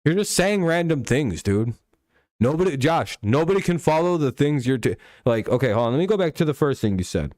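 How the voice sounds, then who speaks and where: A man's voice: fairly high pitch, big pitch swings, a little fast, darkish tone, dry recording, clean studio sound. A young man hosting a casual talk stream, arguing heatedly with profanity and lots of repetition and restarts. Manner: argumentative, profane, repeats himself. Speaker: host.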